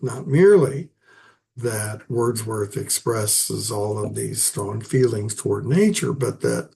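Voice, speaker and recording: A man giving a casual, halting lecture on poetry, with many fillers and restarts. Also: fairly low pitch, creaky, a little mellow. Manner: halting, many fillers and restarts, chuckles at his own asides. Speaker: literature teacher.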